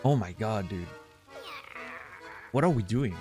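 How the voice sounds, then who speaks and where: Excitable laughing male streamer. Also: on the low side, slow, faint music behind. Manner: excitable, laughing, self-deprecating. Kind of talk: casual gameplay chat.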